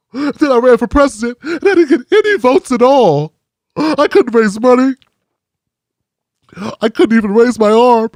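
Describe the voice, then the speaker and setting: A man's voice: very high voice, a little mellow, no room sound, studio quality. A man doing a mocking impression of a male politician who pleads for more love between gasps.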